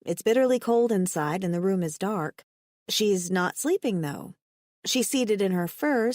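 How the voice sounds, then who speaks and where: A woman narrating a romance audiobook in first person, expressive, lifting her voice for the heroine's dialogue. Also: mid-range voice, no room sound, clean studio sound.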